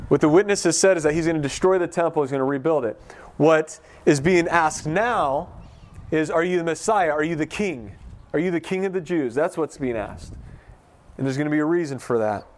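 A man's voice: a little high, a little fast. A man preaching a casual, conversational sermon, talking through a text and acting out the voices he quotes. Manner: conversational, acts out quoted voices, many restarts.

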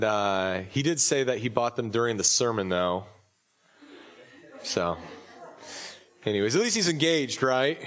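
A man preaching a casual, joking sermon as a pastor at a church service, his voice slightly off while recovering, with many fillers and restarts. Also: mid-range voice. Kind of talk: conversational sermon.

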